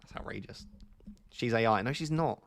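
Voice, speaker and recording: A man's voice: mid-range voice, moderate pace, vocal fry, a little hiss or hum. A man chatting casually on a live stream, waffling and joking as he answers questions from viewers.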